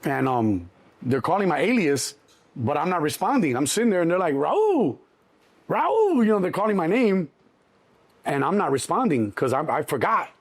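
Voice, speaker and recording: Husky-voiced man telling a wild story. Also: on the high side, moderate pace. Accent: Chicago. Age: middle-aged. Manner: animated, acts out voices, swears freely. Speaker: interview guest. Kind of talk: casual storytelling.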